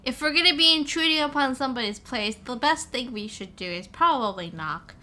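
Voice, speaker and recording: High bright sarcastic woman player. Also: animated, brisk. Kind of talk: casual tabletop game chat.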